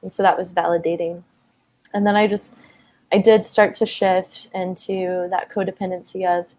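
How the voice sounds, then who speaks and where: Woman, thirties, personal storytelling, emotional and open, frequent fillers, lowish pitch. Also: flat delivery, normal speed, darkish tone. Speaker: guest.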